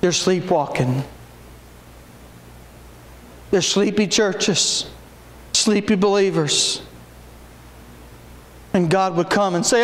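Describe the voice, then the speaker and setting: A man preaching a sermon, folksy in his storytelling and breaking into shouted exhortations. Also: very high-pitched, expressive, unhurried. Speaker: pastor. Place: church sanctuary. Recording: echoey church room.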